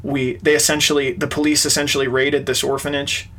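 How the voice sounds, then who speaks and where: A man's voice: fairly high pitch, level tone, a little fast, fairly bright tone. A man, an interview guest, earnestly recounting a personal story in conversation. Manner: earnest, retells events with quoted dialogue.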